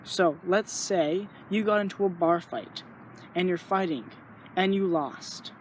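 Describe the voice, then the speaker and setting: Against slight background noise, a young man with a high voice speaks a little slowly in a casual vlog reflection. He rambles earnestly through his thoughts, voicing small inner monologues as he goes.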